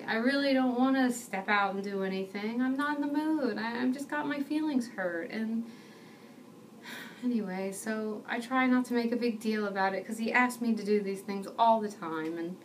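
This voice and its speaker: A woman's voice: mid-range voice, distant mic, slight background noise. A young woman giving a personal testimony, telling the story in an earnest, self-deprecating way.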